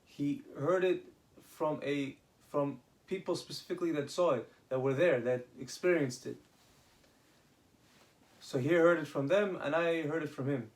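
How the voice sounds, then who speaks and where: A man casually retelling rabbinic stories, halting, with many restarts and Hebrew terms. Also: on the high side, darkish tone. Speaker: storyteller.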